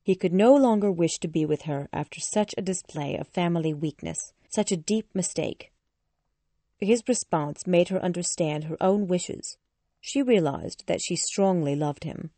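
A woman narrating a storybook in a steady, clear reading voice. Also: lowish voice, normal speed, dry recording. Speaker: audiobook narrator.

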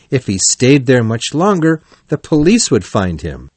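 A man reading a children's storybook aloud as narrator, in an even, clear storytelling delivery. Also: medium pitch, measured pace, dry recording.

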